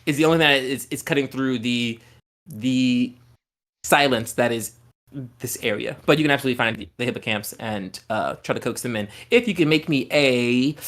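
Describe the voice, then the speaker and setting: A man's voice: medium pitch, fairly bright tone. Guy gm-ing a tabletop game, rambly descriptive narration, lots of likes and ums. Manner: loose, descriptive narration full of "like" and "um". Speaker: game master.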